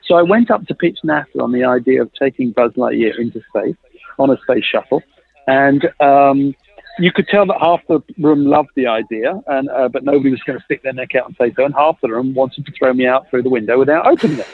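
A middle-aged man, a guest on an interview show, telling a story with lively, self-mocking humor and acting out the dialogue he quotes. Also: medium pitch, brisk, gravelly, husky, no echo. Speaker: guest, innovation consultant. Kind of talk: animated anecdote telling in a podcast interview. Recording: dry, tinny phone-like line.

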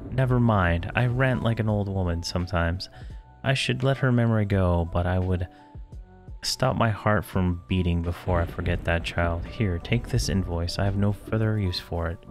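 A man voicing a grumpy, grieving male bard NPC in a video game, read out in a theatrical, irritable way. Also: on the low side.

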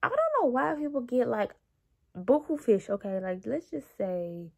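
Sassy young woman venting, gravelly. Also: medium pitch, moderate pace. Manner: animated, sassy, petty venting with dramatic emphasis. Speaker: vlogger telling work stories. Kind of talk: casual storytime monologue.

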